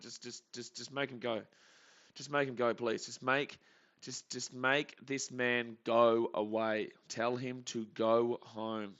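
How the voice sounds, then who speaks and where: Male stream host, tense bright tone, nervy repeated pleading, tired, dull lo-fi sound. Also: mid-range voice. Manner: anxious, pleading, repeats phrases over and over. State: tired, up early without coffee. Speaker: live-stream sports reaction host. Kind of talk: live play-by-play reaction stream.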